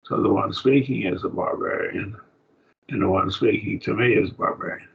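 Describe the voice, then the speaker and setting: A man teaches a Bible study class, pausing and restarting as he reasons through Greek words. His voice is very gravelly and husky, sitting on the low side. The recording sounds dull and lo-fi. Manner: halting, thinks aloud with restarts.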